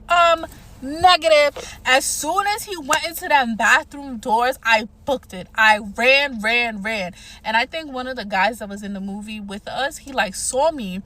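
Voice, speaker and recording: A woman telling a dating story in a casual, animated, profane way, acting out what people said. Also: on the high side, moderate pace. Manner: animated, profane, acts out quotes.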